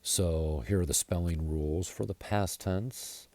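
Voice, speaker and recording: Slow, deep-voiced American man teaching grammar. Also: a little mellow, no echo. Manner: slow and deliberate, spelling out letters. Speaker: English teacher. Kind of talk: slide-based grammar lesson.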